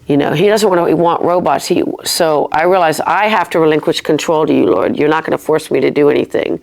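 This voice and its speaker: A woman's voice: low voice, fairly quick, vocal fry, a little mellow. A woman guest on a podcast telling her personal faith story in an earnest, reflective way, often restarting her sentences. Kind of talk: personal faith testimony in casual talk.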